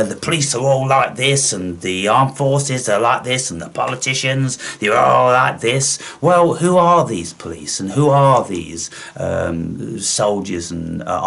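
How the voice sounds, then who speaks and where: A man, delivering a scornful, profane, rambling monologue to his viewers. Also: on the low side. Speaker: vlogger. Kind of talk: ranting monologue.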